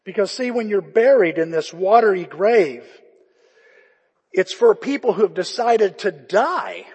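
Impassioned husky-voiced male pastor. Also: high-pitched, animated, a little slow. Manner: impassioned, swings from shouting to hushed. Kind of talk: sermon. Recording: echoey church hall.

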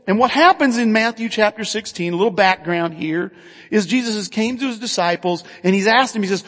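A man with a high voice preaches a sermon, earnest and conversational, asking his listeners questions as he goes. His voice rings out with a long reverb, as if filling a large hall. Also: a little fast, a bit bright. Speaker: pastor.

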